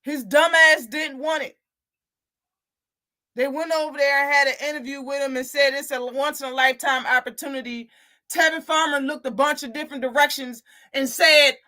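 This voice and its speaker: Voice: high-pitched, fairly even intonation, moderate pace, pushed and bright. A live boxing talk show host ranting in a heated, profane, casual way.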